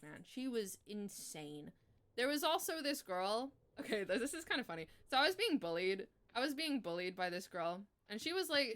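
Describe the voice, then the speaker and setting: A woman in her twenties streaming live, telling a story in casual chat, animated, swearing freely and laughing as she goes. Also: fairly high pitch.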